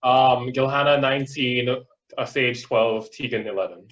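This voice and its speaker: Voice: mid-range voice, moderate pace, a little hiss or hum. A player at a tabletop game, narrating with a laugh in the voice. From Jamaica. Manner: lively, laughs while narrating. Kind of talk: casual tabletop play. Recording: dull lo-fi sound.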